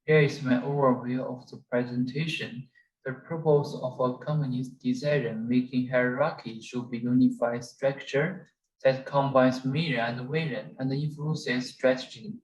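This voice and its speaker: A young man, a student, reading out a scripted class presentation at a steady pace. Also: mid-range voice, a little slow, echoey room, rough recording.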